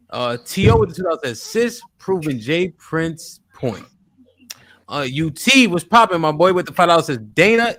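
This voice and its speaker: A man hosting a livestream talk show, reading donor messages aloud quickly and asking guests direct questions. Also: a little high, a bit bright, no echo. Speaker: livestream host. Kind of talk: casual chat, reading super chats aloud. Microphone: studio microphone.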